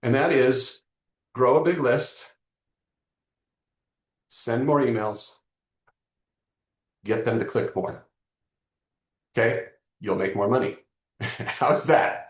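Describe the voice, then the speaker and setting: Man, webinar host, animated, joking, direct to audience, middle pitch, roomy echo. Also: takes it slowly, long pauses. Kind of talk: live online marketing lesson.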